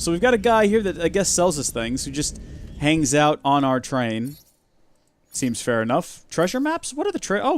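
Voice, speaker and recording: A man hosting a gaming video, giving chatty, wry and sarcastic commentary as he plays. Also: fairly high pitch. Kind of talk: let's play commentary.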